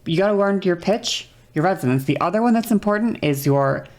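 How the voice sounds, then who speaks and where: A woman's voice: expressive, brisk, darkish tone. A woman streamer explaining vocal control in casual, rambling talk, swearing freely and checking in with "okay" often. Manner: demonstrates voice changes with whispery and high vocal sounds.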